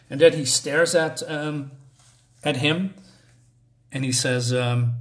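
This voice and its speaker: A man's voice: a little high, slow, long pauses. A man casually walking through a comic book's story, hesitant and full of fillers and self-corrections, chatty and laughing at himself. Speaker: comic book reviewer. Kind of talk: casual comic book walkthrough.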